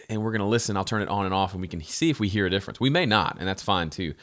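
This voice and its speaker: A man with a fairly low voice walks through a mixing session in a casual, relaxed way. He trails into fillers and repeats himself as he thinks aloud. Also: fast talker. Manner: relaxed, chatty, with frequent fillers and restarts. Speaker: host.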